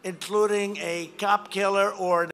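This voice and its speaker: A man's voice: high-pitched, flat delivery, unhurried, a bit bright. An older man giving an emphatic, rambling rally speech outdoors, repeating phrases. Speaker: political speaker at a rally. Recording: rally speech with faint crowd noise.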